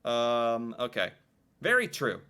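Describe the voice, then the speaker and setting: A man from the United States giving animated reaction video commentary and laughing easily. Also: clean tone. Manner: animated and quick to laugh, with pitch jumps when making a point.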